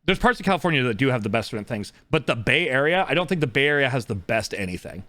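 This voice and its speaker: A man's voice: medium pitch, very animated, fast talker, sharp tone, no echo. A man from the Pacific Northwest co-hosting a casual podcast, rambling through stories with many restarts and asides. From Pacific Northwest, USA. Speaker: podcast co-host and streamer.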